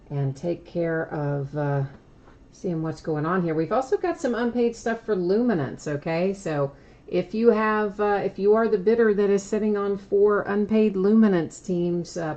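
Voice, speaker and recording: A woman's voice: fairly low pitch, warm tone, dull audio. A woman hosting a live stream, chatting casually and explaining shipping details at length, laughing at herself now and then. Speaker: live stream card break host.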